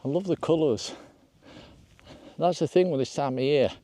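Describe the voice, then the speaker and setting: A man's voice: fairly high pitch, moderate pace, warm tone, dry recording. Older man, hiking vlogger, outdoors on windy moorland, chatty, rambling, self-deprecating, talks straight to viewers. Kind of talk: casual walk-and-talk vlog.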